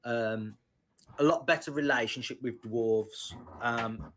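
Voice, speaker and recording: A man running a tabletop fantasy game, explaining the world to his players. He talks slowly and hesitantly, with frequent ums and restarts. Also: mid-range voice, a bit bright. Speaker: game master.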